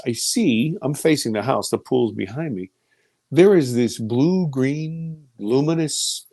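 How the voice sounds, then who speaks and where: An animated man in his fifties recounts his story as an interview guest, his voice swinging widely and leaping up for quoted lines. He sinks low and quiet at the frightening parts. The recording is close and dry, with no room sound. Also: dry recording. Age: 50s. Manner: animated, voice rising high for quoted speech and dropping low and quiet for fear.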